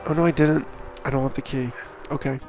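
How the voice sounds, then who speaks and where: A man's voice: mid-range voice, fairly even intonation, fairly quick, darkish tone. A man streaming a video game in a casual, rambling, self-deprecating chat with jokey asides. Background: video game music.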